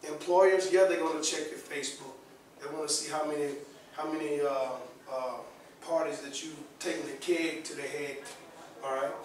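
A man leading a career skills workshop for students, lively and checking in with the room after nearly every point. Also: fairly high pitch, normal speed, slight background noise. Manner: lively, asks the audience often, repeats "all right?" and "okay?". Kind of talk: classroom workshop talk. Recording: very echoey room, voice from far off the mic.

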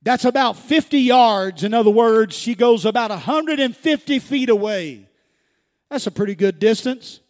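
A man preaching a sermon as pastor, calling out to the congregation and rising to shouts. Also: extremely high pitch, normal speed. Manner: calls to the congregation, builds to shouts. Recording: church hall with long reverb.

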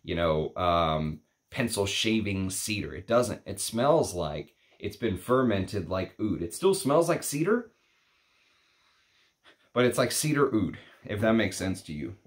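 Rambling low-voiced man reviewing fragrance. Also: very animated, unhurried. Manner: rambling, chatty, many fillers. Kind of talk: casual review monologue.

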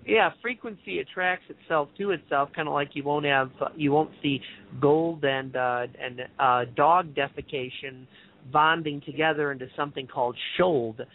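A man's voice: on the high side, normal speed. A man hosting a spiritual call-in radio show, chatting in a loose, rambling way full of asides. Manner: rambling, loose, many fillers and musing asides. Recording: tinny phone line.

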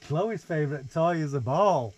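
A man's voice: fairly high pitch, expressive, moderate pace, darkish tone, rough recording. A young man, reading a picture book aloud to his baby in playful sing-song baby talk, inside a small caravan. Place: small holiday caravan, indoors. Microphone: 360 VR camera nearby.

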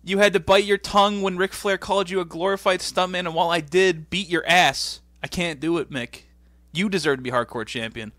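A man's voice: high voice, brisk, hardly any pauses, a bit bright, no echo, voice pushed up. A man doing an impression of a cocky star wrestler who turns down a title belt, in earnest, speechifying tones.

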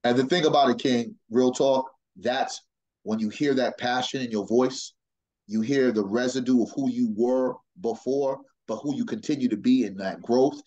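A man's voice: mid-range voice, moderate pace, a little mellow, lo-fi sound. A man speaking as a panelist on a video call in an emphatic, street-casual way.

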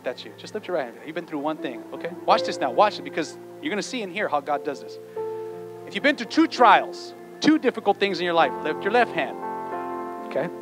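Casting: high-pitched man, lively pastor preaching in church with music behind. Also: fairly quick. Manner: animated, playful, acts out quotes, urges the congregation. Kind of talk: sermon.

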